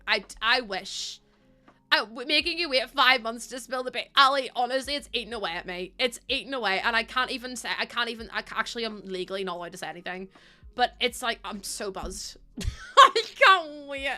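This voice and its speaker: A woman streamer chatting casually with her live chat, excitable and talkative, laughing often. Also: on the high side, brisk, soft background music.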